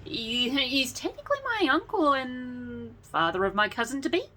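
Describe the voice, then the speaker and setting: A woman's voice: high-pitched, very animated, unhurried, pushed and bright, slight background noise, voice pushed up, exaggerated voice. Young woman, sullen and defensive, read by a woman. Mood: awkward. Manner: defensive, shrugging. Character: sullen young woman, loyal to family code.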